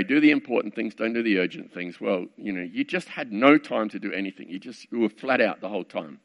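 A man's voice: lowish voice, creaky, a bit bright. A middle-aged man preaching, telling a story from his working life in a conversational, wry way with many asides. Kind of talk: storytelling sermon. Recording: dull lo-fi recording.

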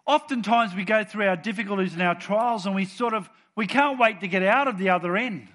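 A man preaching to his church, moving between soft chatty asides and loud, bold readings of scripture. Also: high-pitched, brisk. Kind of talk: sermon.

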